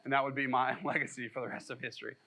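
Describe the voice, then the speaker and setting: A man's voice: mid-range voice, fairly even intonation, very fast, vocal fry, sharp tone, poor audio. A male pastor, preaching a conversational sermon and mixing scripture reading with joking, self-deprecating asides.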